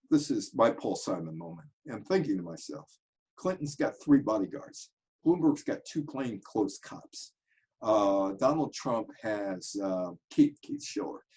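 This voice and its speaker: New guy telling stories, voice jumps all over, middle pitch. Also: a little mellow, poor audio. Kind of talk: casual storytelling monologue.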